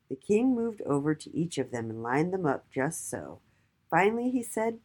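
A woman hosting a children's story read-aloud, reading gently and expressively. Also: low-pitched, big pitch swings, moderate pace. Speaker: host.

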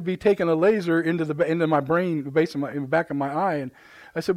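A middle-aged man with a Midwestern American accent preaching a live sermon in church, animated and joking, often repeating his words. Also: on the high side, fast talker, no room sound. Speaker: pastor. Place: church sanctuary.

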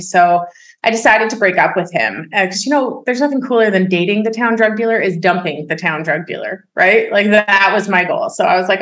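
A woman of middle pitch tells her own story candidly, keeping an upbeat, smiling tone through heavy material. Her voice rings in a roomy, echoing space. She is a guest in a conversational interview. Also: brisk. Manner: frank and upbeat, smiles and laughs while telling hard things. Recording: roomy echo.

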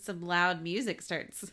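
A woman's voice: fairly low pitch, slow, bright, forceful tone. A woman in her thirties co-hosting a casual movie podcast, cracking dry jokes and laughing often. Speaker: podcast co-host. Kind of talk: casual movie-review chat.

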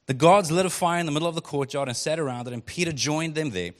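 A male pastor preaching a sermon in a relaxed, conversational way, reading scripture and breaking into quick acted quotes. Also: a little high. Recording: long hall reverb.

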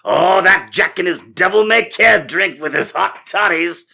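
Man voicing prim, gossiping 1930s townsfolk, high and scandalized. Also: measured pace, vocal fry, pushed and bright, heavily acted.

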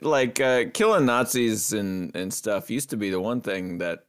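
A man's voice: on the low side, animated, a little slow. A laid-back man in casual podcast banter who agrees easily and laughs often.

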